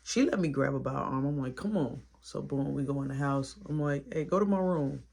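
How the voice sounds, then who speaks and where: A man's voice: mid-range voice, fairly quick, vocal fry, husky. A man telling a long personal story in a casual way and acting out what everyone said. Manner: animated, acts out quoted dialogue.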